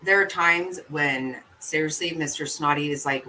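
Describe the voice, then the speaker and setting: A woman's voice: low voice, moderate pace, few pauses, pushed and bright, recorded from a distance, a little hiss or hum, low-quality recording. A woman hosting a live stream, chatting casually with her viewers in a blunt, profane way and laughing easily. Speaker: livestream host. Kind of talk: casual chat reacting to viewer comments.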